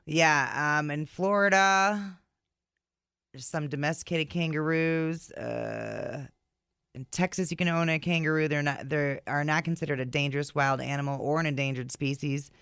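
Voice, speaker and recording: A man's voice: on the high side, moderate pace, gravelly, fairly bright tone, smooth, dry recording, clean studio sound. A man co-hosting a radio morning show, teasing his partner and laughing easily. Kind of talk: casual radio banter.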